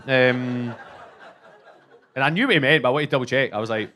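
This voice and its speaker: A Scottish man in his thirties doing stand-up, telling an animated, self-mocking story and acting out both sides of the conversations. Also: mid-range voice, brisk, slight background noise. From Scotland. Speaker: stand-up comedian.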